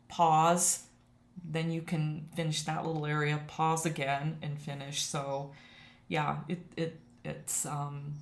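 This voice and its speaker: Chatty woman teacher in an echoey room. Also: fairly low pitch. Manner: chatty, emotional, laughs often. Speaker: watercolor teacher. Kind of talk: casual live-stream chat.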